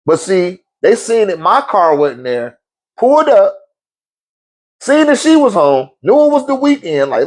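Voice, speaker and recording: Speaking at a measured pace in a high-sitting voice, a man hosts a casual Q&A. He recounts a story bluntly, with lots of cursing and regular bursts of laughter. Blunt and profane, he laughs often and his energy swings in lively ways.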